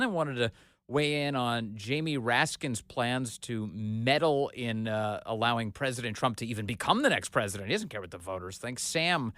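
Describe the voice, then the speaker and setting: A man hosting a talk radio show, chatting casually with callers in a jokey, animated way. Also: mid-range voice, normal speed, no room sound, studio quality. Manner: jokey, laughs easily, animated retelling. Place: radio studio. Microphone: studio microphone.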